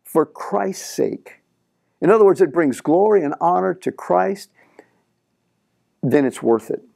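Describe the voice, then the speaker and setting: Animated preaching man, gravelly and lively. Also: high-pitched, a little slow, no echo, clean studio sound. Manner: animated preaching, acting out quoted prayers. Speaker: pastor. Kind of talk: sermon.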